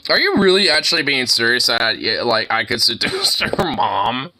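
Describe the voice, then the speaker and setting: A man's voice: mid-range voice, big pitch swings, normal speed, noisy background. A young man casually reacting to videos, rambling, laughing and swearing freely as he watches.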